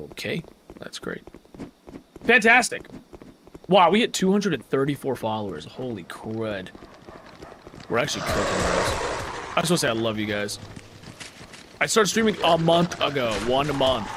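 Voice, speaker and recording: A young man live-streaming a video game, swinging from low mutters to sudden yelps and shouts. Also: big pitch swings, unhurried, long pauses. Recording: noisy background.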